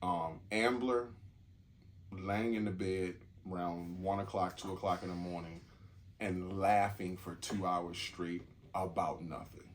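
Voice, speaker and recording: A man's voice: low-pitched, fairly even intonation, unhurried. A middle-aged man, co-hosting a casual couple podcast, laid-back and often laughing, repeating himself. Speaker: podcast co-host.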